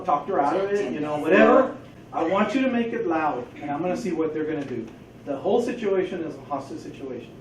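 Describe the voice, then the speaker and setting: A man's voice: sits high, a little mellow, slight background noise. A man briefing role players as a police training instructor, casual and joking as he explains a hostage scenario. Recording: echoey room, from far off.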